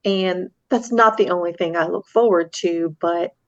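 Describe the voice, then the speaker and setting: A woman's voice: lowish voice, measured pace, no echo. A woman chatting on a podcast in a candid, cheerful way, recorded with a dull lo-fi sound. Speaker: podcast panelist. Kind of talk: casual chat.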